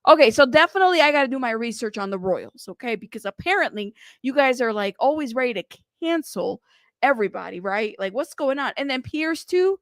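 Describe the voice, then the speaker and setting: A woman's voice: a little high, expressive, brisk, no echo, clean studio sound. A woman hosting a casual livestream, chatting and reading viewer comments in a teasing, rambling way, cussing and laughing often. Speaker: livestream news host.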